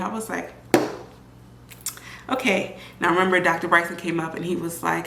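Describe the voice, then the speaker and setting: A young woman vlogger telling her own story in a casual, animated way, often acting out other people's voices. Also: on the low side, normal speed, gravelly, long pauses. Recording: echoey room with faint ambient noise.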